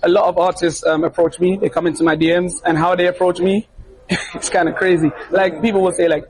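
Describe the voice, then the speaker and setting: A British man answers backstage interview questions as a DJ, his voice pitched high for a man. He is friendly and laughs often, turning earnest when he gives advice. A faint hum of noise sits behind him. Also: little pitch movement, fairly quick, darkish tone, poor audio. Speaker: DJ and interview guest. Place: backstage media room at a music festival.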